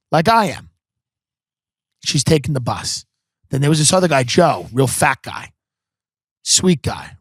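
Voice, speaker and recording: A man hosting a podcast, telling a comedic story in an animated, profane style packed with voices and impressions. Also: on the high side, dry recording, clean studio sound. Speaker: podcast host.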